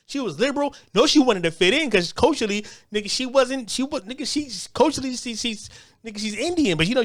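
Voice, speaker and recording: A man's voice: very high voice, fairly bright tone, dry recording, clean studio sound. A man hosting an online show, ranting in a loose, rambling monologue with many stumbling restarts and frequent laughter. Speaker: show host.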